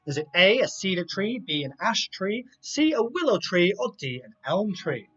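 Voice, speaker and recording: A man's voice: high-pitched, very animated, normal speed, fairly bright tone, husky. A man hosting a live online quiz, reading out multiple-choice options and chatting casually between questions. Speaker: quiz host. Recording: dull lo-fi sound with faint music.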